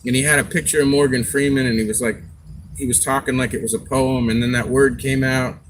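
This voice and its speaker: A man hosts a casual livestream, rambling from one story to the next and acting out little quoted asides. His voice sits at an ordinary middle pitch. Steady background noise and passing vehicles run under the talk. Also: fairly quick, low-quality recording. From Scotland. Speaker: livestream host. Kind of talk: casual chat.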